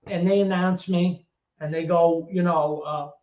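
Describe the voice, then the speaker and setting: In a casual storytelling interview, a middle-aged guest from the Bronx, New York, once an actor and DJ, spins his tales with streetwise energy, mimicking other people and cursing freely. His voice is a little high for a man and his pace unhurried. The audio is roomy, echoey, dull and lo-fi.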